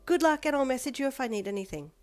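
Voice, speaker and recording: A woman voicing a sweet, polite teenage girl who gushes in a high voice. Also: expressive, racing. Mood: gushing.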